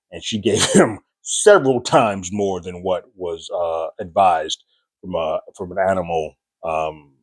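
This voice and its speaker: A man's voice: low-pitched, breathy edge, no room sound. A man casually recapping and reviewing a TV episode, telling the story loosely and jumping into a raised voice to act out what characters say. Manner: loose, chatty storytelling, acting out quotes in a raised voice. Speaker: podcast reviewer.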